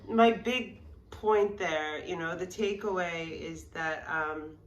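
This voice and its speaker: Frank woman vlogger, slow, roomy. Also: fairly low pitch. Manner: frank, rambling, with many fillers and restarts. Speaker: yoga vlogger. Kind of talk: casual talk to camera. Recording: roomy sound from a distance with faint background noise.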